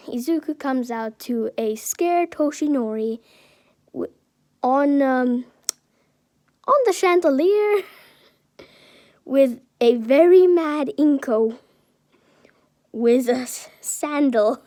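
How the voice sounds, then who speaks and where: A woman's voice: sits high, expressive, slow, long pauses, a little mellow, no room sound. A woman improvising a fan-fiction story aloud, rambling, correcting herself and giggling.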